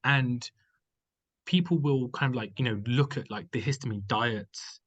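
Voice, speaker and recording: A UK company founder appears as a guest, recounting his story in casual conversation and rambling through lots of fillers and restarts. His medium-pitched voice is unhurried, and the recording has its highs cut off.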